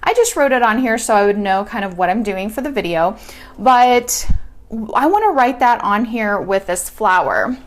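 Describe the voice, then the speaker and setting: Chatty woman teaching hand lettering. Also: a little high. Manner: friendly, chatty, demonstrating while she sketches. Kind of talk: casual hands-on tutorial.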